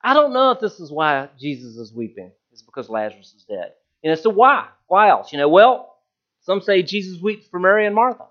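A man's voice: sits high, big pitch swings, brisk, muffled recording. A man preaching a conversational sermon, retelling a story with self-deprecating asides.

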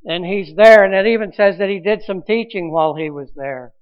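A man's voice: high voice, fairly quick, clean tone, muffled recording. A man preaching a sermon as pastor, earnest, with restarts and rising emphasis.

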